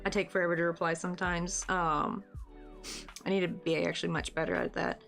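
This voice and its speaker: A woman's voice: fairly low pitch, level tone, fairly quick, vocal fry, fairly bright tone, soft background music. A woman from the States with a Southern American accent, chatting casually on a live stream while she crochets, rambling and reading out chat comments. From United States.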